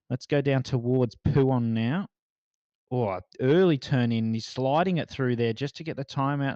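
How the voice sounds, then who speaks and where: Man, sim race commentator, excitable play-by-play, mid pitch. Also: no echo, dull audio. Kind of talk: live sim racing commentary.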